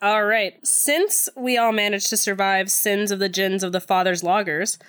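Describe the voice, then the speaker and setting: A woman's voice: mid-range voice, fairly even intonation, moderate pace, fairly bright tone, smooth. A woman co-hosting a podcast, joking in a theatrical way. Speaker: podcast co-host.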